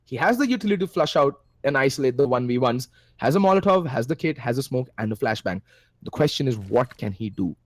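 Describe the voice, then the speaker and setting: A man with an Indian English accent casting a shooter match live, excitable, his pitch leaping at big plays. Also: fast talker, no room sound. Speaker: esports caster. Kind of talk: play-by-play commentary.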